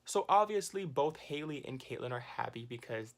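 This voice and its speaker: Animated man recapping reality TV. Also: mid-range voice, moderate pace. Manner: animated, exclaiming, laughing at the drama. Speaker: TV recap vlogger. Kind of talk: casual commentary.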